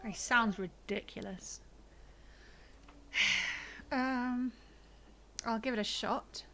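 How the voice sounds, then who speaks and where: A woman giving playful, sarcastic commentary while she streams a game. Her voice sits on the higher side and she is quick to laugh at things, with faint background noise behind her. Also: fairly bright tone. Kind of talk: casual gameplay commentary.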